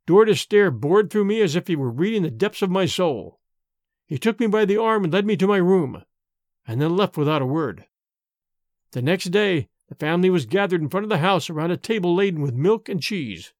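Expressive man reading a gothic tale. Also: high voice, normal speed, no room sound, clean studio sound. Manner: expressive, voices the characters' lines. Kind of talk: dramatic audiobook reading.

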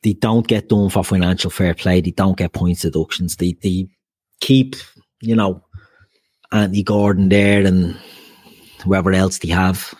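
Husky man hosting a podcast. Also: low-pitched, steady tone, measured pace, a little mellow, dry recording. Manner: banter, jokey asides to listeners. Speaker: podcast host. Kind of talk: casual football chat.

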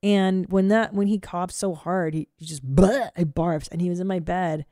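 A woman hosting a podcast, chatting casually and telling stories in a blunt, profane, animated way. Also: lowish voice, normal speed, dry recording, clean studio sound. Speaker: podcast host. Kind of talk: casual chat.

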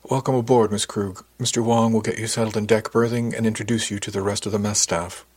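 A man's voice: lowish voice, fairly even intonation, fast talker, darkish tone, close to an everyday voice. A man reading the part of a stern male ship's officer who speaks in curt, clipped, machine-like commands in an audiobook. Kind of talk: audiobook character voice.

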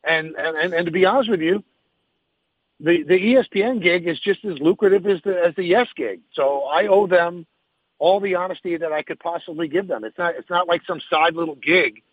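A man's voice: high voice, fairly quick, husky, no room sound, phone-quality sound. A man who hosts sports radio, answering interview questions frankly and emphatically, thinking aloud as he goes.

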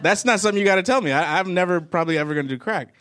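A man's voice: sits high, racing, a bit bright. A man doing a stand-up comedy set on a live stage, telling rambling stories and often laughing at his own jokes.

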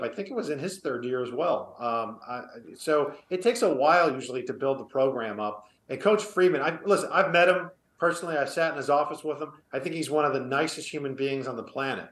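A man's voice: mid-range voice, a bit bright, reverberant. A man and former college football player, speaking as an interview guest, earnest and opinionated with a storytelling manner. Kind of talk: casual sports interview.

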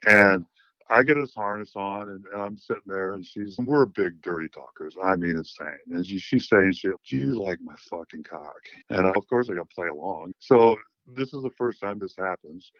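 A middle-aged man with a lowish voice talks frankly and profanely, often restarting his sentences. The sound is dry and a little lo-fi, like a caller's line. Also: normal speed, dry recording. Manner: blunt, profane, with many restarts. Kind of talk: frank storytelling interview.

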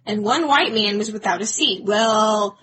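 A woman's voice: mid-range voice, measured pace, background noise. A woman co-hosting a casual chat, telling a story and acting out the quoted lines. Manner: animated, acts out quoted lines. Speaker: podcast co-host.

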